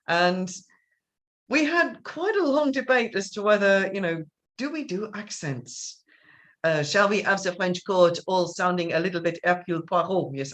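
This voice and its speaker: Woman director hosting a break in the show. Casual and rambling on a video call, slightly low voice. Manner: rambling, chatty, with many restarts and laughs. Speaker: theatre company director hosting an interval. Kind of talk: casual chat.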